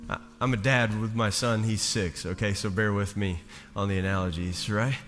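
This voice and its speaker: A man in his thirties preaching a sermon as pastor, slow and emphatic, building to loud peaks. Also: fairly low pitch, steady tone. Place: church sanctuary. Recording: long reverb of a large hall. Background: soft instrumental music.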